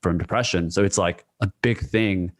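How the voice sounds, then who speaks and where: Young man, interview host, low voice, calm, reflective. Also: normal speed. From South Korean background. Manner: calm, reflective, short affirmations. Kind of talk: conversational interview.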